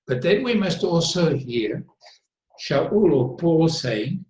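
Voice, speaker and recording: An earnest man explains Bible teaching in a relaxed discussion. He leans on words and repeats them for stress. His voice rings in a roomy space with clear echo. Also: a little high, takes it slowly.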